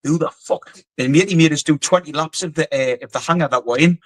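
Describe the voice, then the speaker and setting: A man's voice: fairly high pitch, fast talker, no room sound, low-quality recording. A middle-aged man with a Geordie accent, a former soldier telling stories as a guest, blunt and rambling, swearing freely. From North East England. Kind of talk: casual storytelling interview.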